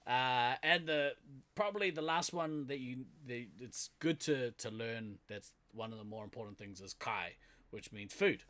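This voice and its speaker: A man with a New Zealand accent co-hosts a podcast in loose, casual chat. He talks at an average pitch, laughs often and fills his pauses with "um". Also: sharp tone. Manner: laughs often, chatty and loose, trails off with fillers. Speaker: podcast co-host.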